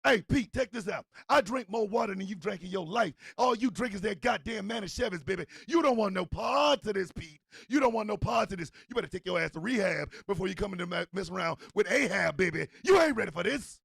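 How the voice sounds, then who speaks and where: A man playing a boastful, trash-talking villain in a shouted wrestling-style promo. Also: high voice, expressive, a little fast, vocal fry, hardly any pauses, slightly rough, no room sound, voice pushed up, full character voice. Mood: boastful shouting. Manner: shouted swaggering promo, taunting rivals. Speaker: host.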